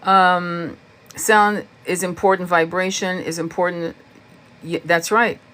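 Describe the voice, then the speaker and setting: A woman's voice: lowish voice, slow pace. Blunt swearing woman teaching spirituality. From United States. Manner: blunt and swearing, animated, laughs often. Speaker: tarot reader hosting a live stream. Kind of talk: casual spiritual teaching, answering chat comments.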